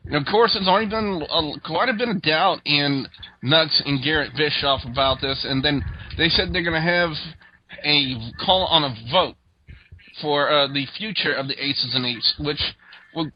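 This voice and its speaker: In a laid-back wrestling review, a male host recaps events in a rambling way packed with fillers. His voice is a bit high, and the podcast audio sounds dull and lo-fi.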